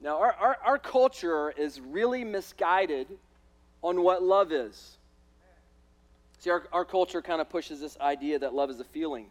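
High-voiced pastor preaching emphatically. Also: male voice, lively intonation, unhurried. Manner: emphatic, repeats words, says "listen" and "right?" often. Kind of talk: sermon. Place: church in front of a congregation.

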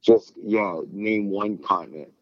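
A man's voice: lowish voice, measured pace, no echo, dull audio. A middle-aged man chatting casually, rambling and swearing as he acts out quotes. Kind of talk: casual chat.

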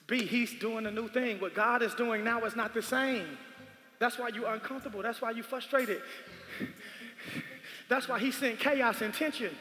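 High-voiced man preaching in an echoey hall. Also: fairly even intonation, moderate pace. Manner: emphatic call-and-response preaching with repetition; rises to shouts at peaks. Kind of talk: sermon. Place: large church hall. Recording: echoey hall with music behind. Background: music.

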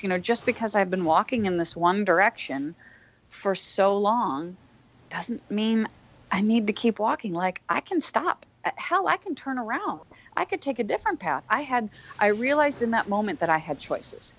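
A woman's voice: medium pitch, sing-song, moderate pace. A woman who is a podcast guest, telling a personal story in an earnest, reflective way, with frequent fillers and restarts.

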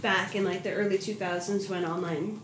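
A woman's voice: mid-range voice, steady tone, moderate pace. A woman telling a rambling story in casual chat, full of fillers like "like". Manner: rambling, filler-heavy, interjects. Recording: echoey room with faint noise.

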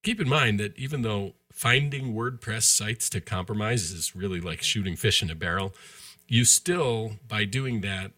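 A man co-hosting a podcast, explaining in a relaxed way with dry wisecracks. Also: low-pitched, breathy edge. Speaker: podcast co-host. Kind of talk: casual podcast chat and explanation.

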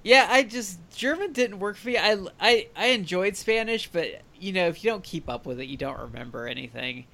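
An American man co-hosting a podcast, chatting casually, animated and self-deprecating with lots of fillers. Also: high voice, brisk, gravelly, hardly any pauses. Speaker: podcast co-host. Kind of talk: casual chat.

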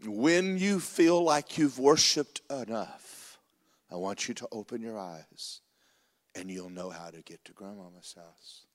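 A man voicing a calm, solemn wise lion. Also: lowish voice, in a large hall, lightly acted. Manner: slow, measured commands.

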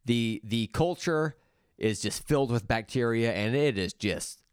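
A man co-hosting a music podcast in casual chat, laid-back and hesitant, filling pauses with "um" and "like". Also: medium pitch, animated, clean tone, no echo, studio quality. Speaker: podcast co-host.

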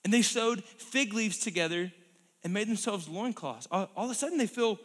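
Animated high-voiced preacher in a hall. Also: male voice, moderate pace. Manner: animated storytelling, acts out scenes. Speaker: pastor. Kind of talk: sermon. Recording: long hall reverb.

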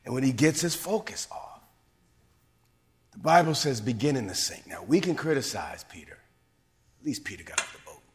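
Animated preaching man in a reverberant church. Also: medium pitch, normal speed, long pauses, slight background noise. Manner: emphatic preaching, rising to shouts and dropping to whispers. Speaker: bishop and pastor. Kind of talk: sermon. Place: church sanctuary.

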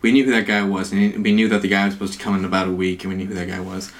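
A man's voice: sits low, flat delivery, racing. Guy casually telling a story, lots of likes and laughs. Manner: laughs often, many fillers.

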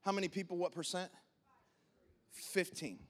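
A pastor in his thirties preaching a sermon, animated, acting out quoted voices of God and his congregation. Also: sits high, normal speed.

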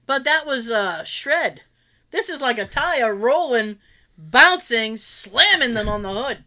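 Her voice runs slightly high and her pace is slow as she chats casually. She's an animated storyteller, acting out what people said in funny stories, laughing a lot and swearing freely.

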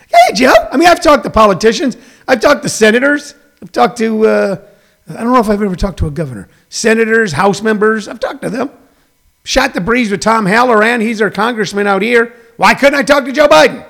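A man's voice: high voice, animated, brisk, creaky, a bit bright. A middle-aged man hosting a talk show, delivering a chatty, rambling monologue full of folksy asides.

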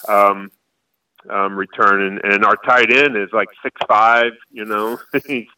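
A man in his forties, a high school football coach from Florida, answering interview questions in a rambling way with halting restarts. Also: steady tone, sharp tone, smooth, distant mic, poor audio.

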